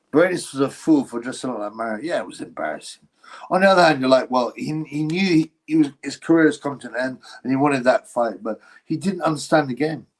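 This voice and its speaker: A man's voice: medium pitch, breathy edge, rough recording. Blunt opinionated man livestreaming boxing. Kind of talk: casual livestream commentary reading chat.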